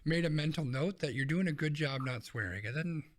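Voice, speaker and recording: A man co-hosts a casual news podcast with a somewhat raised pitch. He talks bluntly and swears freely, ranting hard and then dropping back to plain chat. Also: lively intonation, a little fast. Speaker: podcast co-host.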